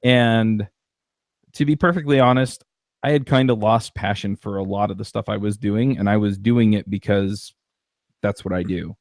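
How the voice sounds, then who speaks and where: A man's voice: fairly low pitch, normal speed, a little mellow, no room sound, studio quality. A man hosting a podcast, talking in a rambling casual way with many restarts and fillers. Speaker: podcast host. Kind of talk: casual chat.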